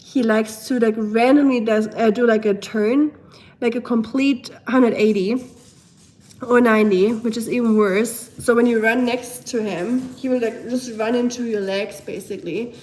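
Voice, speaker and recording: A young German woman with a German accent, a bit hoarse from a cold, chatting casually on a home live stream, reading viewer comments and talking to her pets. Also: fairly high pitch, fairly even intonation, normal speed, a little mellow. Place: at home, indoors.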